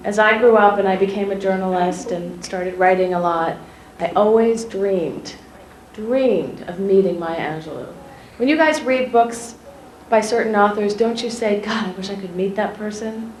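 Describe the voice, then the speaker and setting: A woman journalist telling schoolchildren a personal story in an animated way, often asking them questions directly. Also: mid-range voice, a little slow. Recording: echoey room, faint ambient noise.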